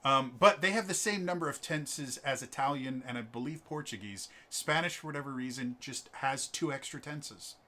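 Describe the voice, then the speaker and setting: Man, from Wisconsin, game master, casual chat, joking and animated, mid pitch. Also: moderate pace, few pauses.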